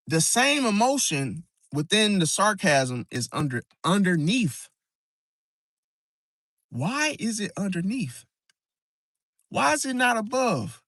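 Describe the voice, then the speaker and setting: Pushed and bright, this man's high voice comes through clean studio sound with no room tone. He talks casually to camera about astrology, emphatic and repetitive, restarting often, peppering in "see?" and "bro."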